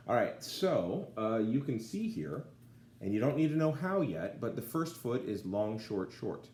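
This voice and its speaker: A man's voice: on the low side, expressive, unhurried, mellow. A man teaching a casual video lesson, often checking in with the class as he explains. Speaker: Latin teacher. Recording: echoey room, faint background noise.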